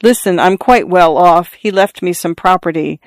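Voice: mid-range voice, normal speed, no room sound, studio quality, natural voice. A reader voicing a plain, awkward and obedient young peasant man in an audiobook story, subdued and hesitant. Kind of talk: audiobook character reading.

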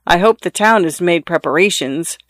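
A fussy, self-important little swallow, as a man reads him out. The voice sits high for a man and carries a prim, particular edge. It sounds close and dry, with no room around it. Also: expressive, moderate pace, a bit bright, no echo.

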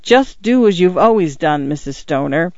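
A man's voice: a little high, expressive, normal speed, darkish tone, no echo. A man reading as a weary, curt old priest. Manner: curt, dry. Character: weary, cold-mannered priest turning fifty-nine. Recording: dull lo-fi recording.

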